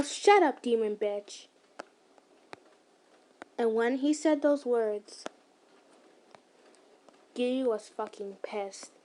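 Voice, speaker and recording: A woman's voice: on the high side, slight background noise. A woman reading a fan story aloud in a casual, stumbling way, with side remarks. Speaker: ASMR storyteller.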